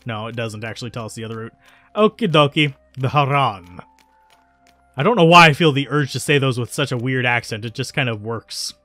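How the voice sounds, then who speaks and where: A man's voice: medium pitch, fast, few pauses, sharp tone, no echo. Chatty man commenting on a game. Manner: chatty, self-correcting. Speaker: let's play host. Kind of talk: casual gameplay commentary. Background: faint game music.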